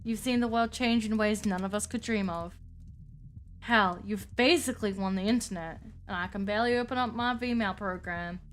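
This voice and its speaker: A woman's voice: mid-range voice, normal speed, slight background noise, close to an everyday voice. A woman doing a folksy cowboy therapist with a Western drawl. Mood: reassuring. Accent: put-on American Western.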